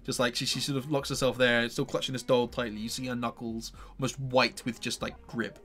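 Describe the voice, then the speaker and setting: A man's voice: medium pitch, flat delivery, a little fast, a bit bright. A man narrating as game master of a tabletop game, with hesitant phrasing and lots of fillers. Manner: hesitant, full of fillers like "sort of".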